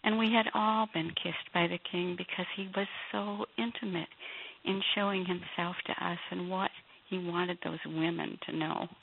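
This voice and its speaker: A woman author and Bible teacher, a guest on a radio interview, telling stories with animated quoted voices. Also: on the low side, normal speed, creaky, slight background noise. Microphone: phone line. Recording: tinny phone line.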